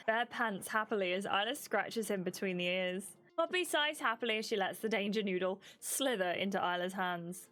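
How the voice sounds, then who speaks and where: A woman hosting a gaming channel and reading a story game aloud in an expressive narrating voice. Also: medium pitch, normal speed, hardly any pauses.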